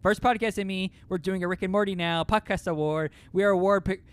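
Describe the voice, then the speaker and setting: A man's voice: high voice, steady tone, a little fast, clean tone. A man co-hosting a comedy improv podcast, riffing in a goofy, playful way. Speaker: podcast co-host playing the hero.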